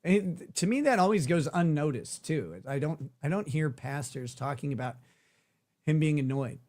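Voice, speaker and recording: A man hosts a live stream and chats loosely, with a joking, irreverent manner and casual swearing. His voice sits slightly high for a man. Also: lively intonation, normal speed, a little mellow. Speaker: host. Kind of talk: casual livestream chat.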